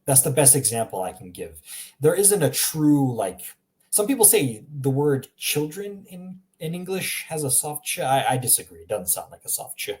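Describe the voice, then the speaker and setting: A man giving a casual spoken language lesson, explaining sounds with self-aware humor and repeating them slowly to demonstrate. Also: on the high side, very animated, darkish tone. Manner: chatty, self-aware explaining with little laughs. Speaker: language teacher.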